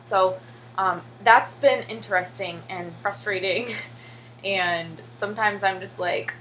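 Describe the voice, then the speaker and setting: A woman's voice: mid-range voice, lively intonation, a little slow, bright, forceful tone, slight background noise, poor audio. A young American woman who teaches English in Korea, talking casually with lots of fillers and acting out her pupils' voices. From United States. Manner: chatty, many fillers and "like"; acts out children's voices when telling stories. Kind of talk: casual vlog.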